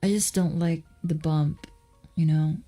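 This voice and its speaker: A woman's voice: sits low, steady tone, measured pace, dark tone, soft background music. A woman casually chatting while she draws, rambling and muttering asides as she answers questions from chat. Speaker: streamer drawing while chatting.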